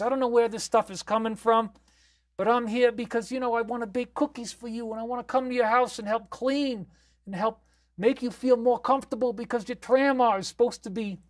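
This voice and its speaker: A man voicing a raspy, chain-smoking grandmother who dotes and fusses over viewers on a live stream. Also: extremely high pitch, moderate pace, pitched above the performer's own voice. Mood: doting. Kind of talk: comic live stream character.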